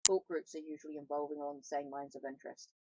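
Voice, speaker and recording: A woman reading the lines of a perceptive, calm spiritual guide in a storybook, in a plain read-aloud voice with small slips. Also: sits low, fast talker, no echo, low-quality recording.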